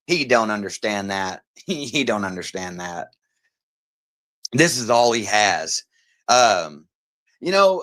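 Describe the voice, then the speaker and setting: A man livestreaming commentary, mocking and profane, greeting chat viewers by name between halting, filler-heavy sentences. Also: mid-range voice, a bit bright. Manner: halting, many fillers and restarts.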